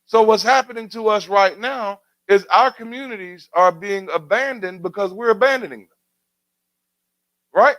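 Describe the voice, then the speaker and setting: Speaking at a moderate pace in a voice that sits high with a fairly bright tone, a man hosts community talk radio. He delivers commentary like a preacher, posing rhetorical questions and building emphatic refrains, on a rough recording with no echo.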